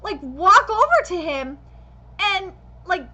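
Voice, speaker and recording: A woman's voice: very high voice, sing-song, slow pace, pushed and bright, muffled recording. A woman giving live reaction commentary as a streamer, critiquing passionately with lots of swearing. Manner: passionate, profane ranting critique.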